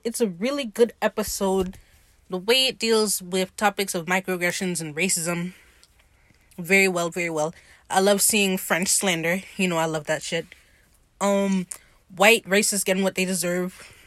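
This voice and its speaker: Excited woman gushing over a show. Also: on the low side, moderate pace, dry recording. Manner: animated, gushing and swearing, acts out the characters' lines. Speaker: podcast host recapping a TV episode. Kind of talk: casual solo commentary.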